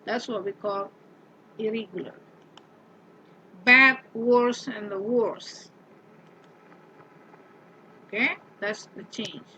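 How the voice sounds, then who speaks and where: A woman's voice: medium pitch, steady tone, slow, long pauses, a bit bright, husky, rough recording. A woman teaching an English grammar lesson. She patiently repeats example words and keeps asking the class questions.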